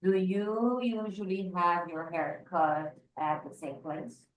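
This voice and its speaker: A woman's voice: lowish voice, steady tone, takes it slowly, reverberant, poor audio. A woman English teacher leading an online class, patiently explaining grammar and switching between English and Portuguese.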